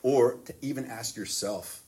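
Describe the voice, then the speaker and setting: A man, a priest speaking to a group of boys at his school, in an easygoing, rambling way full of "like" and quick laughs. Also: medium pitch, warm tone, far from the mic. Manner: chatty, full of "like" fillers, laughs often. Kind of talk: informal talk to a youth group. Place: boys' school in the US South.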